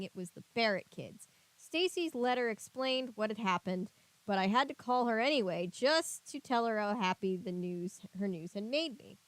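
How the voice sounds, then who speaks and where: A woman's voice: a little high, dry recording. A woman reading a children's mystery novel aloud, lifting her voice for the characters' lines and breaking off for chatty, joking asides. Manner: reads dialogue brightly, chatty joking asides. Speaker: reader and commentator. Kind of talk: casual book read-aloud with asides.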